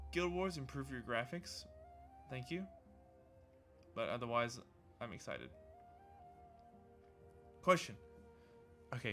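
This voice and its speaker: A man livestreaming, reading a game blog aloud with excitable, rambling commentary while sleepy and yawning often. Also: medium pitch. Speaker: gaming streamer.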